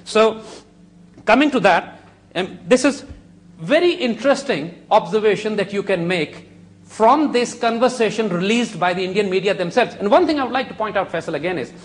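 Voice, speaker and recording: A middle-aged man speaks in a notably high register, pressing his points hard. He argues like a television pundit, stacking up rhetorical questions and insisting on every detail. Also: lively intonation, moderate pace. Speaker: talk show guest, commentator. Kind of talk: argumentative TV discussion.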